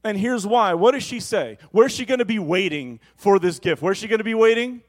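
A pastor delivers a relaxed, conversational sermon, teasing his congregation and speaking to them directly. His voice is noticeably high for a man, his pace fairly quick, and the recording rough.

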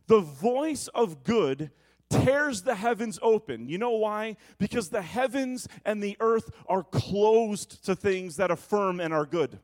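High-voiced male pastor preaching. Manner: preaching, shifting from booming to hushed asides. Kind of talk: sermon.

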